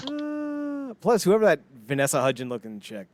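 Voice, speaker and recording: A man's voice: high-pitched, wildly swooping pitch, takes it slowly, long pauses, a little mellow, no echo. A man co-hosting a podcast, chatting in a rambling, jokey way and laughing often. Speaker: podcast co-host. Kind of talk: casual chat.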